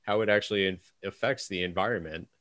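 A man's voice: low-pitched, fast talker, fairly bright tone, no room sound. A man hosting a podcast, agreeing with his guest and thinking aloud in long, run-on phrases. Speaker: podcast host. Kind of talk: casual interview chat.

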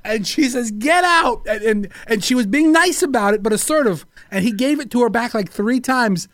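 A man's voice: very high-pitched, lively intonation, a little fast, no room sound. A man co-hosting a morning radio show, telling a story and acting out the people in it. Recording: dry studio sound.

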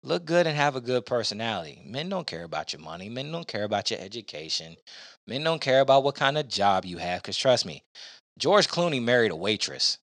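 A man's voice: medium pitch, sing-song, a little fast, fairly bright tone, dry recording, studio quality. A man hosting a casual podcast, giving blunt opinions in a rambling way with lots of fillers. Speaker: podcast host.

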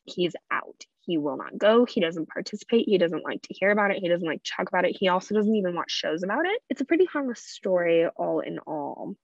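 A woman's voice: on the low side, animated, brisk, creaky, hardly any pauses, no room sound. Chatty young woman, dull dry sound. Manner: chatty, many "like" fillers, quotes people in a hushed voice. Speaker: storyteller. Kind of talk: casual personal storytelling.

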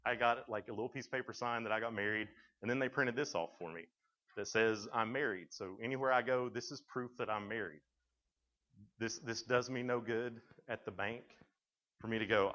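A man's voice: fairly low pitch, bright, forceful tone. A young man from Tennessee with a Southern accent, giving a humorous talk to students and acting out conversations as he tells stories. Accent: Tennessee Southern American. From Tennessee, USA. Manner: joking storyteller who acts out dialogue. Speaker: youth speaker. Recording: dull lo-fi recording.

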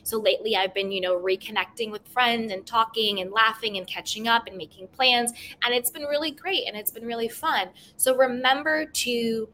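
Woman, podcast host, self-care monologue, gentle repetitive affirmations, faint hiss behind. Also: a little high, normal speed, hardly any pauses. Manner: gentle, repetitive affirmations with many "you know" fillers.

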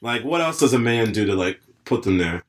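A young man co-hosting a podcast in casual chat, laid-back and quick to laugh, with long rambling asides. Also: mid-range voice, lively intonation, a little hiss or hum. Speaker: podcast co-host.

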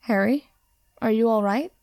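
A woman voicing a gentle teenage boy who speaks softly and reassuringly. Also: on the high side, fairly even intonation, moderate pace, vocal fry, no echo, clean studio sound. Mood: soothing. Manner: soft, soothing, reassuring.

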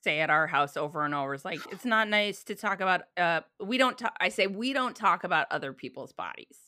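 A woman in casual chat, chiming in with quick reactions. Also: on the low side, expressive, pushed and bright, no room sound, studio quality.

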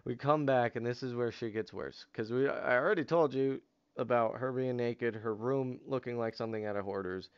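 A man's voice: mid-range voice, moderate pace, clean tone, muffled recording. A man hosting a podcast, telling a long story in casual chat, with lots of fillers and swearing. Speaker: podcast host. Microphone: headset over online voice chat.

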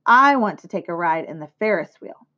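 Storybook read-aloud: woman voicing a high, earnest farm girl. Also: animated, moderate pace, bright, forceful tone, lo-fi sound. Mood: urgent.

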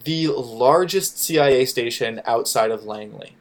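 A man's voice: medium pitch, measured pace. Rambling, profane Florida man. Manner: profane, rambling, lots of fillers and restarts. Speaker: podcast guest. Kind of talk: casual podcast chat.

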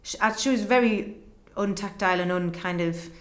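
A young woman, a guest in an interview, earnestly tells a personal story and acts out conversations in quick back-and-forth. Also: mid-range voice. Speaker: guest telling her story. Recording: roomy echo.

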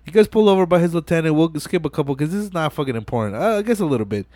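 A man hosting a podcast, excitedly retelling a movie scene by scene in profane, casual slang. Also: fairly high pitch, racing, no room sound, clean studio sound. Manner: profane, animated retelling full of "you know what I'm saying". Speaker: podcast host. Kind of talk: casual movie-recap chat.

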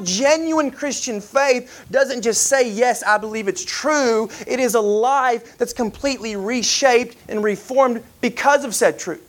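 A preacher giving a conversational sermon who retells scripture in plain modern speech, with frequent "you know" and "like" and repeated words. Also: mid-range voice.

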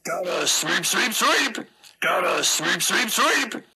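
A man voicing a manic living broom in a game, chanting in a slow, drawn-out sing-song with a harsh, shrill, gravelly voice. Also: pushed and bright, no room sound, exaggerated voice. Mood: gleeful. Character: living broom, manic sweeping janitor thing.

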